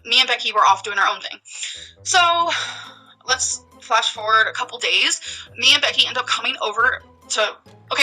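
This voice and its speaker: A woman's voice: fairly high pitch, pushed and bright, low-quality recording. A woman telling a story on her vlog, emphatic and heated, with many fillers like "like" and "um". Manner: emphatic, heated rant full of "like" and "um". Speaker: vlogger.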